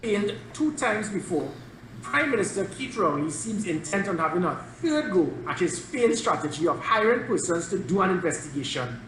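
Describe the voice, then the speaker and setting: A man speaks in a combative, accusing tone, and his pitch rises and falls in a lively way. The interview clip sounds roomy and echoey, with faint ambience behind him. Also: moderate pace, a little hiss or hum. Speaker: former police chief interviewee. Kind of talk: interview statement.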